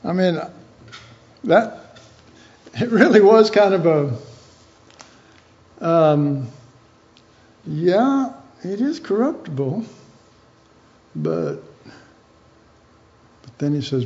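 A man with a high-pitched voice teaches the Bible in a slow, unhurried way. He keeps it informal and chatty, acting out little imagined dialogues as he goes. The recording sounds dull and lo-fi. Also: expressive, a little mellow.

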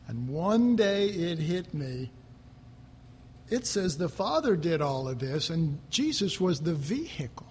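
A man preaching an informal sermon, chatting and joking between readings and rising to animated emphasis. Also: high-pitched, big-room sound, a little hiss or hum.

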